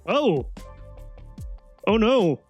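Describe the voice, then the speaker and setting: A man talks through a video game in casual, unhurried commentary, his voice sitting a little high. He chuckles often and stalls on fillers as he reacts. Soft game music plays faintly underneath. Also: very animated, breathy edge. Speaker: let's play host.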